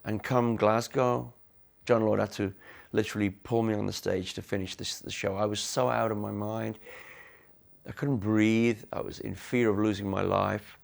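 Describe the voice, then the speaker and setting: A man from the Midlands speaking candidly in a documentary interview, halting and restarting as he talks. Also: lowish voice, flat delivery, vocal fry. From Cannock, England. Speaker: interviewee, musician.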